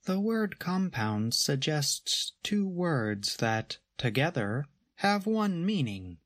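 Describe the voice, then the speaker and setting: Slow, measured male grammar teacher. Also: on the high side, very animated, dry recording, clean studio sound. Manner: measured, explanatory delivery. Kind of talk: scripted educational narration.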